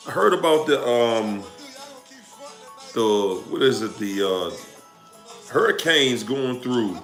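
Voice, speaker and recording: Speaking with vocal fry in a mid-range, fairly bright voice, this man hosts a casual livestream in a Washington DC accent. He welcomes viewers by their locations and stretches out the hype, while music plays behind him in an echoey room.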